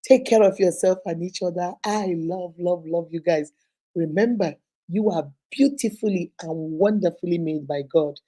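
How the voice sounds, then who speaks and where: A woman's voice: on the low side, moderate pace. A Nigerian woman hosting a relationship advice talk, telling stories vividly and acting out the voices. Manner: lively storytelling, acts out voices, laughs often. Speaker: host.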